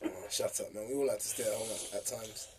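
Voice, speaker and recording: A man's voice: fairly low pitch, fairly even intonation, fast, a little hiss or hum. A young man, co-hosting a casual podcast chat, teasing and laughing often. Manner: teasing, laughs a lot, slangy. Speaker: podcast co-host.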